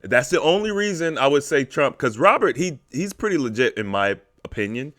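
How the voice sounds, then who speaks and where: A man's voice: medium pitch, very animated, brisk, fairly bright tone. A man co-hosting a podcast, explaining things at length in casual, emphatic chat. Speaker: podcast co-host.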